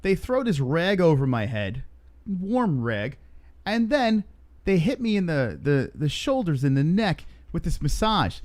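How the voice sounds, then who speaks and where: A man's voice: on the high side, very animated, measured pace, a little mellow. A man co-hosting a casual news chat show, teasing and bantering. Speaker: co-host.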